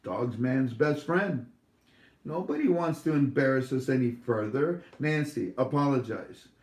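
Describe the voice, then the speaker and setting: A man talks in a loose, rambling monologue, full of "uh"s and half-finished thoughts. His pitch sits in an ordinary middle range. He turns sarcastic and teasing, and the room around him is roomy and echoey. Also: expressive, a little slow, darkish tone. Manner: rambling, sarcastic, with many fillers. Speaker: online show host. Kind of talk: casual monologue.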